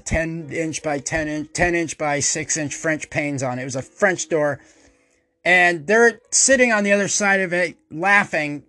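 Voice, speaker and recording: A man with a high voice tells a story on his podcast, cursing freely and jumping into loud, animated quotes. The sound is dry and close, with no room around it. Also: no room sound. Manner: profane, animated, acts out quotes loudly. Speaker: podcast host. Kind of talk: casual storytelling monologue.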